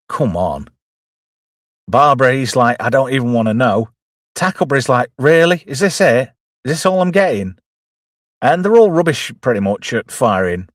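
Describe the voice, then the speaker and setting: A middle-aged host gives chatty, jokey commentary on a film, reads out chat messages, and quotes characters in put-on voices. His voice is mid-range, and the studio-quality recording has no room sound.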